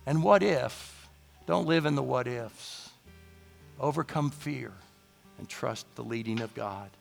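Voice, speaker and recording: A man preaching a sermon, his voice hoarse and gravelly, declaring bold lines with rising emphasis. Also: slow, faint music behind. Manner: declaring boldly, rising to emphatic high passages. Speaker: pastor.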